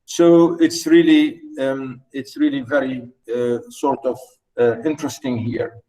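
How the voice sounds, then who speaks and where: A man's voice: medium pitch, steady tone, unhurried, dark tone, poor audio. A man giving an unscripted poetry lecture to students, hesitating often, with many fillers and restarts, and checking in with his listeners.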